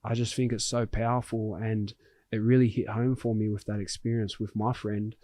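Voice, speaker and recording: A man's voice: fairly low pitch, little pitch movement, normal speed, dark tone, no echo. A man hosting a podcast, telling a personal story in an earnest, heartfelt way with frequent restarts. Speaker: podcast host. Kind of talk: conversational storytelling.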